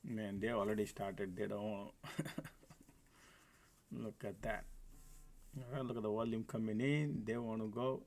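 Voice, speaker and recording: A man with a low, mellow voice hosts a live stock trading stream, speaking slowly with fairly even intonation and frequent pauses. His market commentary is casual and full of laughter, and he calls viewers folks. The desk mic is sometimes far from him.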